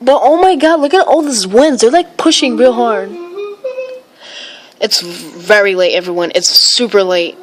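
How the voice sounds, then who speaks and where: A woman's voice: on the high side, unhurried. A woman live-streaming, rambling and exclaiming often while reading viewer comments. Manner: rambling, filler-heavy. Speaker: livestream weather vlogger.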